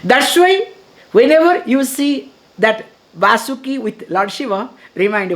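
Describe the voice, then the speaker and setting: A middle-aged woman with an Indian accent gives a spiritual discourse in English. Her voice is animated and she chuckles as she acts out bits of dialogue. She slows down to chant Sanskrit verses. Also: a little high. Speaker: spiritual teacher. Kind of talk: scripture discourse.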